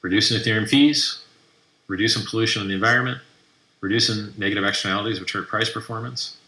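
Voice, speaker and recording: A man's voice: fairly low pitch, fairly even intonation, fast talker, sharp tone. A man hosting a live stream, brashly mocking and trash talking as he reads through posts. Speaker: livestream host. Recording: roomy echoey room.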